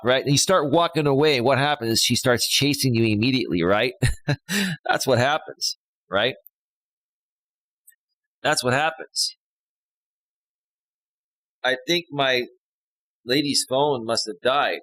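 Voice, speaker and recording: A man's voice: medium pitch, a little slow, pauses often, fairly bright tone, dry recording, low-quality recording. A man hosting a casual live stream as a life coach, chatting, reading viewer comments aloud and giving relationship advice into a studio microphone.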